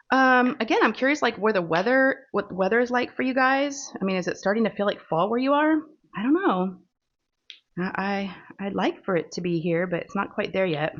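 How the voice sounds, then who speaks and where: A woman's voice: medium pitch, a bit bright. A woman with a Texan accent, chatting casually and rambling with fillers as she hosts a crafting vlog. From Texas. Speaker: crafting channel host. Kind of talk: casual chat while diamond painting. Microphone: phone. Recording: dull lo-fi phone recording.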